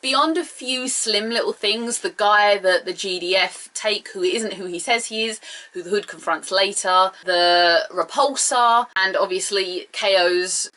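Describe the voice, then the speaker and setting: Bright-voiced chatty woman. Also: medium pitch, unhurried. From England. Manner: chatty, opinionated, rambling asides. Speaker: video reviewer. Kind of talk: casual vlog review.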